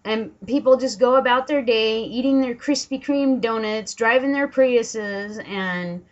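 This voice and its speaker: A woman from Washington State, a political vlogger, unleashes an angry, profane rant at home, throwing in sarcastic mock quotes while dogs bark nearby. Her voice is fairly high, her pace measured with hardly any pauses, and the recording's highs are cut off.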